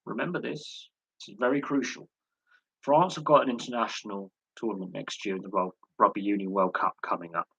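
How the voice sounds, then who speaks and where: A man's voice: on the low side, fairly even intonation, brisk, a bit bright, husky, no room sound, highs cut off. A man hosting a live sports chat stream, talking in a rambling way with many fillers and repeated words. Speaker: host.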